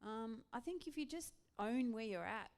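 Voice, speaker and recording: Speaking at normal speed in a fairly high voice, this Australian woman, a pastor's wife, is lively and quick to laugh during a casual church interview.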